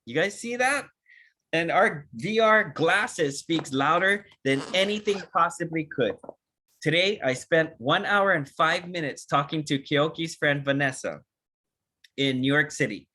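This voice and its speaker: A man giving an energetic, animated training talk on a video call, acting out short dialogues with big jumps in pitch. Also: measured pace. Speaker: network marketing trainer.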